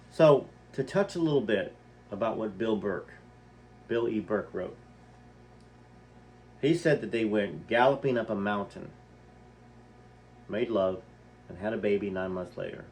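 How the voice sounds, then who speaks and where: A man's voice: on the low side, a little mellow, a little hiss or hum. A man reading a book aloud and stopping to comment, talking straight to his listeners and asking them questions. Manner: conversational, poses questions to listeners.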